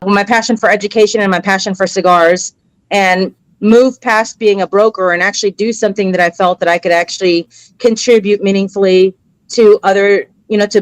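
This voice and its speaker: Interview guest: woman, middle-aged, expressive storyteller, mid-pitched, close and dry. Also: dry recording, poor audio. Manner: animated, acts out quoted voices; emotional, earnest. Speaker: interview guest, cigar educator. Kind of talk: casual conversational storytelling.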